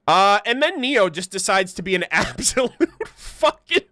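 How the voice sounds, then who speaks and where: Man, livestream host, excitable casual commentary, high voice, smooth and clear, laughs and swears a lot. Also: a little slow, dry recording. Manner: excitable, laughing, swearing freely, chatty with viewers. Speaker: livestream host reacting to an animated series.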